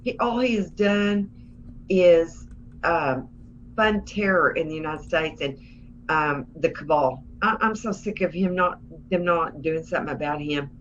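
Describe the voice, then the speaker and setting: A woman's voice: deep voice, unhurried, a little hiss or hum. A woman co-hosting a political livestream, talking in a sarcastic, emphatic, folksy way. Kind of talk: casual political commentary. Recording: dull lo-fi stream audio.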